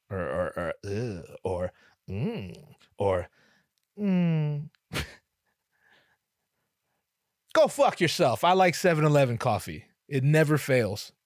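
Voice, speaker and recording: A man's voice: no room sound, clean studio sound. Rambling, profane man on a podcast. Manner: rambling, profane, self-deprecating storytelling with sudden animated jumps in pitch. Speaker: podcast host. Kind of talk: solo comedic podcast monologue.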